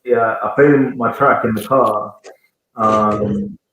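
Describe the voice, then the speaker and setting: Recorded in a very echoey room with a little hiss or hum, this casual interview features a thirty-something Jamaican band singer who rambles as he hunts for words. His voice is on the low side, steady and a bit bright, and he speaks slowly.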